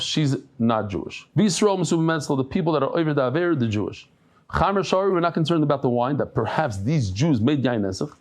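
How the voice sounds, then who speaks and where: A man giving a daily Talmud class, telling stories and jokes with many restarts and Yiddish terms. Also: fairly high pitch. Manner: animated storytelling with frequent restarts and Yiddish terms; humorous asides and jokes. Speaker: Talmud teacher.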